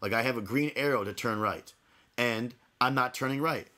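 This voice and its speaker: A man's voice: mid-range voice, normal speed, pushed and bright. A man co-hosting a podcast, telling a story in casual chat, fired up and repeating himself as he goes. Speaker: podcast co-host.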